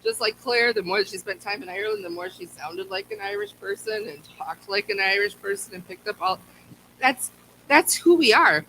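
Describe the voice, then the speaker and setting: A woman's voice: mid-range voice, animated, normal speed, fairly bright tone, a little hiss or hum, poor audio. A woman teaching a Bible lesson at a church, talking conversationally and often repeating words as she restarts.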